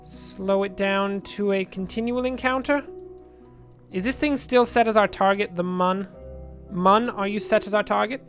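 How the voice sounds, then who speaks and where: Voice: medium pitch, measured pace, fairly bright tone, soft background music. Chatty let's play gamer thinking aloud. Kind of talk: game commentary.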